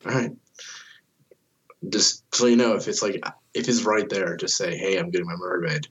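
A man in his thirties with a very low, husky voice chats casually as a podcast host. He swears freely and tells his stories by acting out other people's lines in a raised voice. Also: normal speed, a bit bright. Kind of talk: casual chat.

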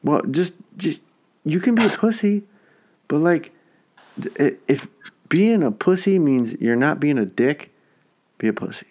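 A young man co-hosting a podcast, telling a story in a casual, profane, animated way. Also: fairly high pitch, a little slow. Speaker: podcast co-host. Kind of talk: casual chat.

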